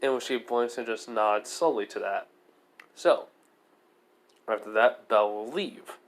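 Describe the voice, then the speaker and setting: A man's voice: lowish voice, measured pace. A man casually narrating an improvised story, rambling with many fillers and frequent self-corrections. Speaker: fan storyteller.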